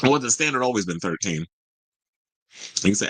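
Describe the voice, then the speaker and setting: A man hosting a casual commentary show and reading viewer comments in an animated, sassy, outspoken way. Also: on the low side, moderate pace, long pauses, husky, no room sound, poor audio. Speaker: host.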